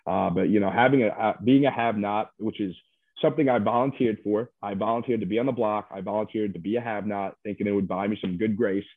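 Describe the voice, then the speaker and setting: A man's voice: fairly low pitch, fairly even intonation, quick pace, dry recording. A man who was a reality show contestant, chatting casually and rambling loosely with lots of fillers as he is interviewed over a call. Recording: dry tinny phone line.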